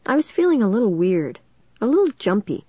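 A woman narrating a first-person storybook in an expressive reading voice. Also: medium pitch, brisk, husky, no room sound. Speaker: audiobook narrator. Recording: dull, dry lo-fi recording.

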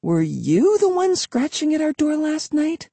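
A man's voice: extremely high pitch, huge pitch swings, measured pace, creaky, warm tone, dry recording, voice pushed up, heavily acted. A man voicing a sleepy teenage girl who speaks in a drowsy, offhand way.

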